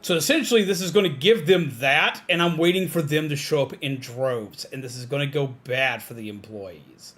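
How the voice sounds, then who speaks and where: A man's voice: a little high, moderate pace, hardly any pauses, a bit bright, soft background music. A man streaming a game, ranting in casual, profane talk with lots of fillers. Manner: rambling, profane, frequent fillers. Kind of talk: casual rambling stream chat.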